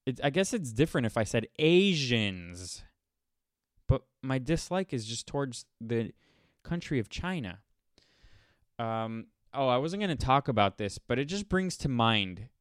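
A man's voice: mid-range voice, smooth, no echo, clean studio sound. A man hosting a casual solo podcast, talking bluntly and rambling with frequent restarts. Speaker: podcast host.

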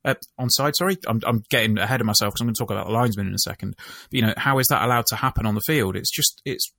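Low-voiced man, exasperated football talk. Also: rapid-fire, creaky, dry recording. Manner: animated, exasperated storytelling. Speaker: podcast co-host. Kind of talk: casual football chat.

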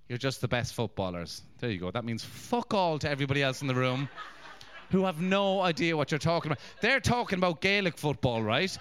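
A man's voice: fairly high pitch, sing-song, fairly quick, fairly bright tone. A man doing stand-up crowd work, crude and mocking as he banters with the audience. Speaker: stand-up comedian.

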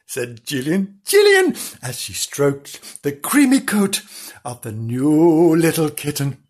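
A husky storyteller reads a children's tale in an unhurried way. The intonation swings widely. The reading keeps breaking off for jokes, giggles and mock apologies to the children listening. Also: medium pitch, expressive, a little mellow. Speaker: podcast storyteller.

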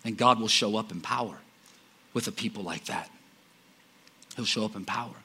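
A man preaching a sermon with passion, swinging from loud cries down to low murmurs. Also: normal speed, creaky, husky.

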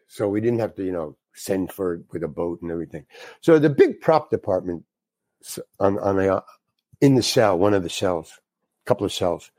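A man's voice: lowish voice, darkish tone, no room sound. An older man, a guest actor, telling a casual anecdote in a rambling way, with restarts and casual slang.

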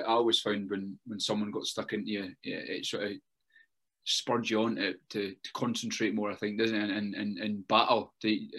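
A man's voice: fairly low pitch, fairly bright tone. A man with a Scottish Borders accent chatting casually on a podcast, rambling through stories full of fillers and repeats. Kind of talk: casual chat.

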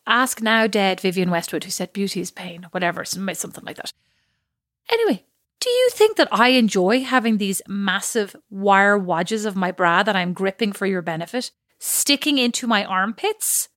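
A woman's voice: medium pitch, big pitch swings, normal speed, fairly bright tone, dry recording. Teasing woman, dry close sound. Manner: teasing, laughs often. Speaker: podcast co-host. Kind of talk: casual chat between sisters.

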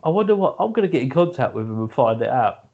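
Jokey man with a lively, stammering voice. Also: mid-range voice, quick pace, gravelly. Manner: jokey, laughs often, stammering restarts. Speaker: podcast co-host. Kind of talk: casual chat. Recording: dull lo-fi podcast audio.

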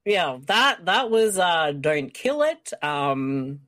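A woman's voice: fairly low pitch, very animated, slow pace, a bit bright, no room sound. A woman hosting a casual movie commentary podcast, reacting with laughs and exclamations. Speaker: podcast host.

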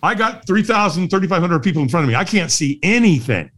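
A middle-aged man spins a story as an interview guest. His fairly high voice rises and falls a great deal. He laughs often along the way. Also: fast. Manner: lively, laughs often, acts out the voices of others. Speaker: guest, firewalk instructor. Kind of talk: animated storytelling in a podcast interview.

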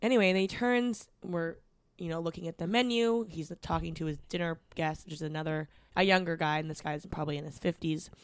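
A woman's voice: on the low side, fairly quick, dry recording. A woman co-hosting a podcast, telling a story in casual chat and mimicking the people in it. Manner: animated storyteller, mimics people in her anecdotes. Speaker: podcast co-host.

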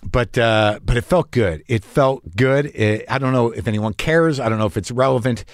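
A man's voice: medium pitch, moderate pace, no room sound, studio quality. A man who is a comedian, telling a rambling, profane, anxious story as host of his own show. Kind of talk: storytelling monologue.

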